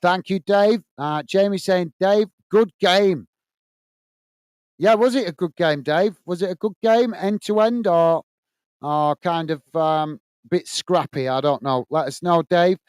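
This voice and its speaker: A man's voice: sits high, measured pace, clean tone, no echo. A man hosting a casual live stream, reading viewer comments aloud and chatting with many uhs. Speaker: host reading live chat.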